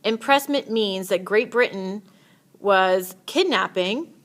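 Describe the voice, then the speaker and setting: A woman's voice: medium pitch, slow. A woman teacher giving a casual, chatty history lecture with playful asides.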